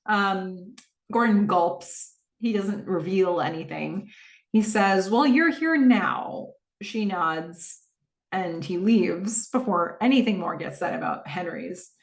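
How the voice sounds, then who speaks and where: This woman's voice is gravelly and on the low side, and she speaks at a slow pace. Hosting a podcast, she chats casually through a TV episode recap and acts out the characters' lines, heard in an echoey room from a distant mic.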